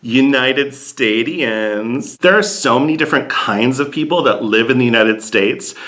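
A man's voice: medium pitch, a little slow, fairly bright tone. A man doing a sassy, campy comedic monologue with blunt punchlines.

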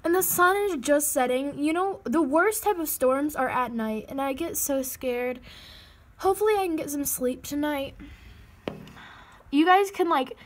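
A teenage girl vlogs from home on a handheld phone. Her voice sits high, and she sounds frightened and jittery, slipping into breathy asides. Faint ambient noise sits behind her. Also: lively intonation, a little slow. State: frightened and shaking. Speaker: vlogger. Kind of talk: casual vlog. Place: indoors at home by a window.

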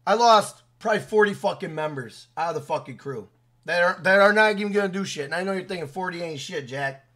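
High-voiced man ranting angrily. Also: fast, a bit bright. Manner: profane, heated, repetitive, blunt. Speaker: gaming video creator. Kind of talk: angry rant to camera.

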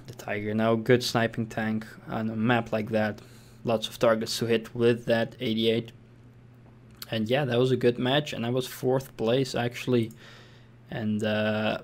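A young man casually commenting over his own tank game replay, thinking aloud with fillers and restarts. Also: medium pitch. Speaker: gameplay commentator.

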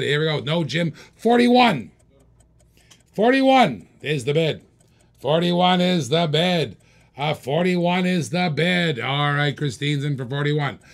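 A man hosting a live-stream auction, calling bids in rapid repeated phrases and egging bidders on. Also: on the high side. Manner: rapid repetitive bid calling, hyping bidders. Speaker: auctioneer host.

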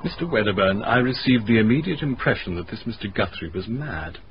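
An actor playing a dry, precise, sardonic gentleman recounting events. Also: fairly low pitch, expressive, a little fast, a little hiss or hum. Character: dry, urbane English gentleman, Mr Gilby. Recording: muffled old radio recording.

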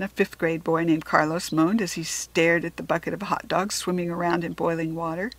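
A woman reading a children's chapter book aloud in a gentle storytelling way, sometimes dropping into soft whispered asides. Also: on the low side, little pitch movement, a little fast, few pauses, dry recording.

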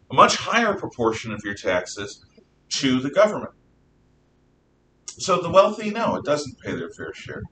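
Guy teaching history, lively opinionated lecture, far off mic, echoey classroom. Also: on the high side, a little hiss or hum. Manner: lively, opinionated, spells words out slowly. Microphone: distant room mic.

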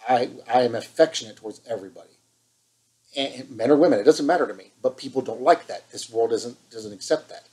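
A man's voice: mid-range voice, brisk, a little mellow, low-quality recording. A man preaching an impassioned online sermon, fired up and scolding, hammering points with repetition.

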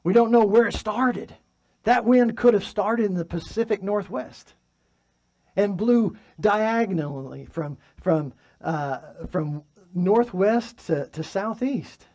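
Male pastor, fairly high voice, preaching in church, moves between forceful emphasis and hushed delivery. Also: slow. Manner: preaching with swings from loud emphatic to soft and quiet. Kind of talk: sermon. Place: church sanctuary.

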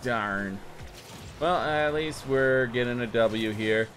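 Slow, rambling young man streaming a game. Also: mid-range voice, slight background noise. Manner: rambling and self-mocking, with sudden excited outbursts. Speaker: gaming streamer. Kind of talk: casual live gameplay commentary.

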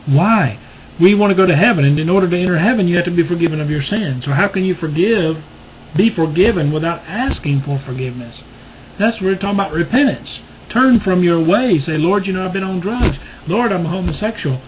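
A man preaching a sermon and leading a salvation prayer, earnest and repetitive, halting with fillers. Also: fairly high pitch, a little hiss or hum, poor audio.

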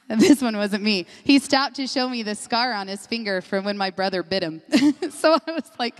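A middle-aged woman pastor preaching a sermon, telling personal stories in an animated way and often laughing as she talks. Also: on the high side, a little slow. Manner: animated storyteller, laughs often mid-sentence. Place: church sanctuary. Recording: long reverb of a large hall.

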